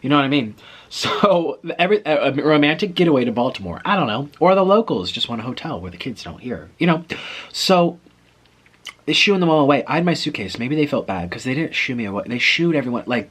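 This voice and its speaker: A man from South America telling a personal story in an animated, chatty, self-deprecating way. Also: mid-range voice, a little fast, breathy edge. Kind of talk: casual storytelling.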